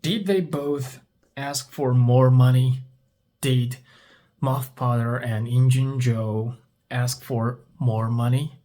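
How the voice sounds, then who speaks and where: A man's voice: mid-range voice, fairly even intonation, slow pace, dark tone. A man whose first language is Turkish, teaching English by asking story questions, repeating each one and answering it himself. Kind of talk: story-based English speaking practice.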